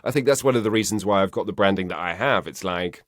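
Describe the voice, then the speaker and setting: A man's voice: sits low, fast, no echo. A man with a British RP accent, a voice actor chatting in an interview from his home studio and acting out the people he quotes. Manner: animated, acts out quoted voices mid-sentence. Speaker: voice actor guest. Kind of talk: casual interview chat.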